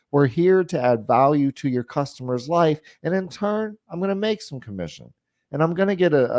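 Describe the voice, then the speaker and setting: A man's voice: mid-range voice, a little mellow, dry recording. Casual male sales coach, dry sound. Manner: acts out customer and salesperson lines, lots of "you know". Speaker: sales trainer.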